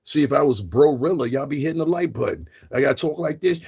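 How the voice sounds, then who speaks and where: A man's voice: on the high side, expressive, a little fast, vocal fry, few pauses, a little mellow, husky. A middle-aged man hosting a livestream, ranting in a profane, confrontational way and repeating himself for emphasis. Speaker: livestream commentator. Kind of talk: livestream rant.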